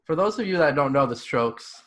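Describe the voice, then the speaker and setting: A young man hosting a podcast in casual chat, blunt, animated and full of profanity. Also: on the high side, a little fast. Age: young adult. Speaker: podcast host.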